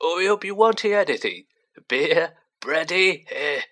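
A wizened, toothless old innkeeper, voiced by a male narrator, raised in pitch, slow and obliging. He drawls his offers with a faint old man's wheeze. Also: animated, a bit bright.

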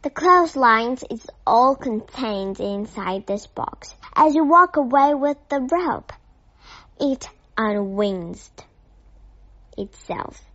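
A woman's voice: fairly high pitch, animated, takes it slowly, heavily acted. A woman voicing a fussy, overly polite male shop assistant in a storybook reading. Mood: formal. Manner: bright, formal and ingratiating. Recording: dull audio with faint music.

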